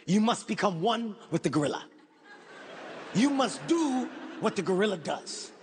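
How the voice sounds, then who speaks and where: A man's voice: sits high, sing-song, moderate pace, pitched below the performer's own voice. Man doing a grave, commanding tour guide. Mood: solemn. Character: solemn male gorilla tour guide giving rules. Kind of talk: stand-up comedy. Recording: echoey hall, faint noise.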